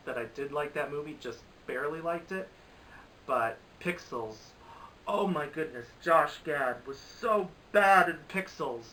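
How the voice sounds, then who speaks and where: A man with a bright, ringing voice rambles through his reactions to bad films, exasperated and often restarting his sentences. He sits a little back from the mic, and a faint hiss runs under the home recording. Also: medium pitch, far from the mic, low-quality recording. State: recovering from a cold. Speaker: movie reviewer. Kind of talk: casual commentary to camera.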